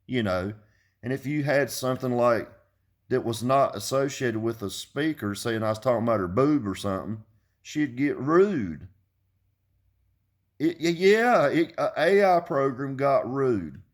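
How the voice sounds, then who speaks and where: A man's voice: mid-range voice, expressive, moderate pace. A man in his fifties ranting bluntly to his viewers, cursing freely and repeating himself when he gets heated. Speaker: car audio vlogger. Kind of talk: casual rant to camera.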